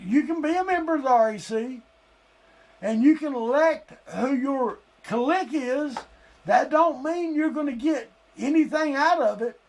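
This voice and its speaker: Fired-up man ranting. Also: extremely high pitch. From Lee County, Florida. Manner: heated, blunt, profane, sometimes shouting. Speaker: live-stream host. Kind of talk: angry political rant.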